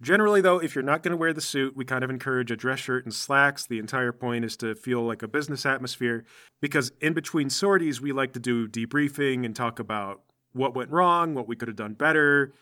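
A man's voice: medium pitch, a little fast, lightly acted. A man playing an easygoing superhero boss. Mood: explaining. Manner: relaxed, reassuring, chatty. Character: friendly down-to-earth male superhero boss.

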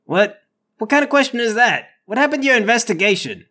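A prickly bar owner woman snaps back with dry sarcasm, as a man puts her on for a tabletop game. Her voice sits high and swings about as she defends herself. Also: sing-song, brisk, sharp tone, exaggerated voice. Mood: indignant.

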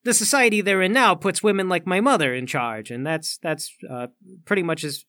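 A man's voice: sits high, fairly quick, pushed and bright. A man playing his character in a tabletop game, talking in a hesitant, wry way with many stammers. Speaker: player.

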